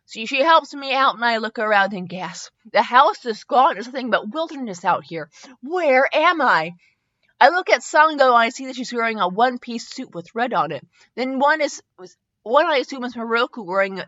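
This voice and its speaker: Bright-voiced woman reading mock-dramatically. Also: a little high, no room sound. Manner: mock-dramatic, spells words out. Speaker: podcast host. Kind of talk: comic reading of fan fiction. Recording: dull dry lo-fi recording.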